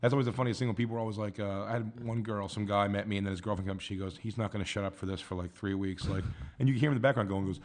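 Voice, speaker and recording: A man, a guest comedian, rambling through stories in casual chat and acting out the people he quotes in higher voices. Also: steady tone, racing, darkish tone. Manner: rambling storyteller, acts out quotes in higher voices, laughs a lot.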